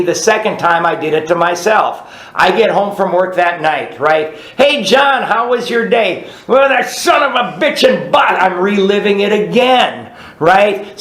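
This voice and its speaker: A man's voice: high-pitched, fairly bright tone, reverberant. A man leading a recovery study group, teaching in a plainspoken, conversational way and often checking in with "right?". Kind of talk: teaching a group through a book.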